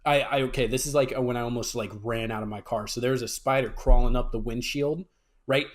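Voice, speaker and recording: Excitable young man telling stories. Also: mid-range voice, brisk. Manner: excitable storyteller, says dude and bro. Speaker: podcast co-host. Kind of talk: casual chat.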